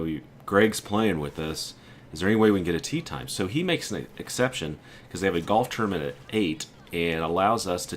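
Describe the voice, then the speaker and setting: A man's voice: deep voice, fairly bright tone, a little hiss or hum. A man casually telling a story about a weekend trip, quoting his friends and sounding exasperated. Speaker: gaming video creator.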